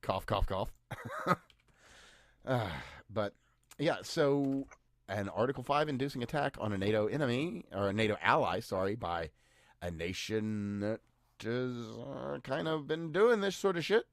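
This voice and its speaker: A man's voice: mid-range voice, animated, a little slow, no room sound. A man co-hosting a podcast, giving news commentary in a dry, sarcastic way with mock-cheerful asides. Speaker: podcast co-host.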